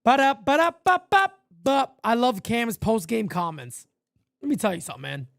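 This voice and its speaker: A man from New York calls a ballgame live for fans, his pitch leaping and dropping with every play. He talks blunt and salty, then slides into low asides between pitches. The sound is dry and close. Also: normal speed, creaky, dry recording. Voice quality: profane, blunt street talk. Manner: animated, swings from loud calls to low asides. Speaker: fan stream play-by-play host. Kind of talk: live fan play-by-play with casual chat.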